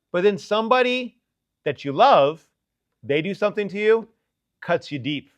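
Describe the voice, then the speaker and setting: A man's voice: on the high side, sing-song, a little fast, no echo, lo-fi sound. A man preaching a casual, joking sermon to teenagers, talking to them conversationally. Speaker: youth preacher.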